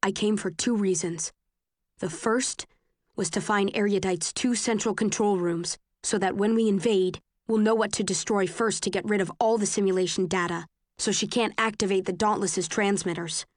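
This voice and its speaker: A woman's voice: mid-range voice, steady tone, normal speed, no echo, studio quality, lightly acted. A woman doing a stern young rebel fighter. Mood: firm.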